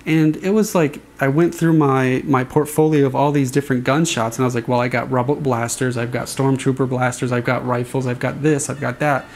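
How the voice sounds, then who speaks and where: A man's voice: medium pitch, fairly even intonation, brisk, hardly any pauses, a little mellow. A man casually explaining how he designed a sound, rambling a little and imitating swing noises with his voice. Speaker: saber sound font designer. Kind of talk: casual explanatory demo talk.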